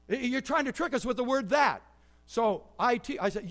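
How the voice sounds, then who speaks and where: A male pastor giving a sermon, telling stories with lively swings between loud and soft delivery. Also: extremely high pitch. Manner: animated storytelling with quick shifts in volume. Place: church.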